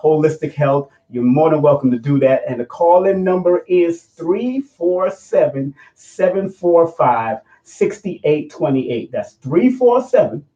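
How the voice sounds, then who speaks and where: A man hosting an interview show, talking casually and repeating details slowly for listeners. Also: on the high side, lively intonation, dark tone, roomy sound. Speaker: show host. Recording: muffled lo-fi recording.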